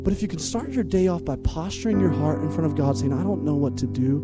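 A man preaching a lively, humorous sermon as pastor, energetic and jokey, swinging from loud calls to hushed asides. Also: fairly high pitch, fast, over loud music.

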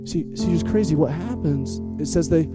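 A man preaching a lively, humorous sermon as pastor, energetic and jokey, swinging from loud calls to hushed asides. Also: on the high side, moderate pace, loud music behind the voice.

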